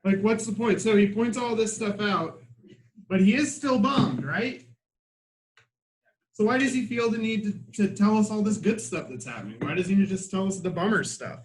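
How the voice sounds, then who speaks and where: A man with a notably high voice leads a literature lesson in a classroom. He keeps the class moving with quick rhetorical questions and checks in with "right?" over and over, in an animated, conversational teaching manner. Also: poor audio. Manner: lively, asks many rhetorical questions, says "right?" often.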